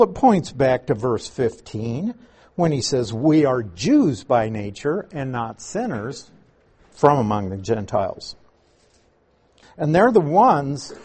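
A man teaching a Bible passage verse by verse, slowly and deliberately, stressing key words as he explains grammar. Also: mid-range voice, darkish tone, husky.

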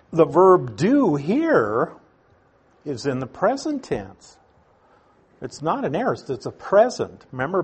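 A man preaching a sermon, teaching slowly and deliberately with emphatic stresses. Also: fairly high pitch, a little mellow, slightly rough.

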